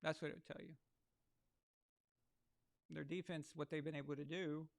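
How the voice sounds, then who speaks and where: A man hosting a live sports watch-along, with a slightly raised pitch and a gravelly, fry-edged tone. He talks loosely and crudely, tossing off sarcastic jokes between plays. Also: level tone, normal speed. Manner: crude, sarcastic, joking asides. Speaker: live sports show host.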